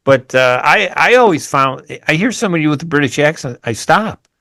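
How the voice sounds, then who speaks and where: A man's voice: on the high side, lively intonation, fairly quick, fairly bright tone, no echo. Chatty man hosting a radio show. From United States. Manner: chatty, rambling with frequent restarts. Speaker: radio host. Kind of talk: radio interview. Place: radio studio.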